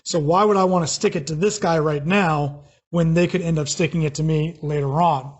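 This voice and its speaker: American guy teacher, kinda husky voice, higher pitched, explains stuff step by step. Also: steady tone, fairly quick. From United States. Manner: plain explanatory, with fillers and restarts. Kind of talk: recorded class lecture.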